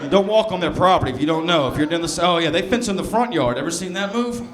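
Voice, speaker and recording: High-voiced wry Southern man on stage. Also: expressive, noisy background. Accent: mild Southern US. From Southern US, near Birmingham, Alabama. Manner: sardonic, wry storytelling with quick asides to the audience. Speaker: stand-up comedian. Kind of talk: stand-up comedy set. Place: comedy club stage. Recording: echoey club room with crowd laughter. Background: audience laughter.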